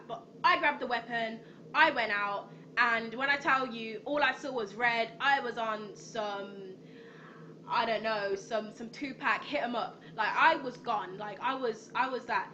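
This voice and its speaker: A young woman tells a personal story to her viewers, rambling and restarting with frequent ums. Her voice sits a little high, and there is a noisy hiss behind her. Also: moderate pace, highs cut off. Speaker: vlogger. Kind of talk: storytime vlog.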